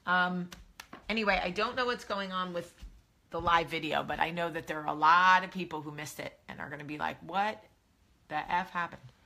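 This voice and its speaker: A woman's voice: lowish voice, fast talker, vocal fry, pushed and bright. A woman in her thirties hosting a live video, talking candidly and animatedly as she gives personal advice in a casual monologue. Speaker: host of a live video show. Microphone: phone or webcam, live video.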